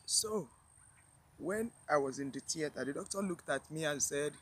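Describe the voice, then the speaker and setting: A woman tells a personal story to her viewers, emotional and near tears, halting and repeating herself with sighs. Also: low voice, heavy background noise. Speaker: vlogger.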